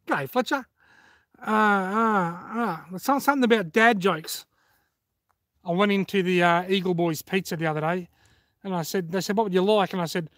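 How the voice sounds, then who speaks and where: A chatty Australian man with a fairly high voice, recorded dry and close with no room sound. He is middle-aged and talks casually on a live stream, reading out comments and chuckling at his own jokes. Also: fairly bright tone, dry recording. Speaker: fishing channel host.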